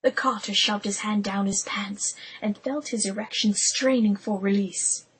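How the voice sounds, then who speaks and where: A woman narrating an audiobook in a hushed, intimate whisper. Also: mid-range voice, steady tone, a little slow, breathy edge, poor audio.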